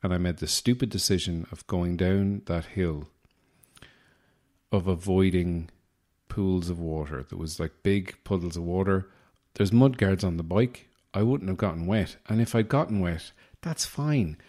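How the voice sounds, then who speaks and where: A man's voice: deep voice, a little slow, darkish tone. An Irish man hosting a podcast, delivering a rambling, self-deprecating comic monologue with a wry manner. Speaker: podcast host.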